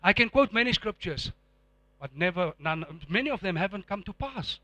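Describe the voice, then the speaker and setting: A man's voice: high voice, lively intonation, moderate pace, bright, forceful tone, no echo. A middle-aged man preaching a sermon to a congregation, emphatic and repetitive, with call-and-response prompts. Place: church before a live congregation.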